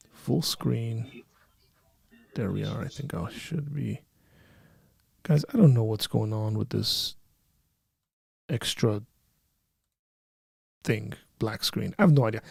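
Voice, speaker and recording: A man's voice: mid-range voice, gravelly, darkish tone, slightly rough, no room sound. A man hosting a casual call-in livestream, joking and rambling with frequent restarts. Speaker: livestream host.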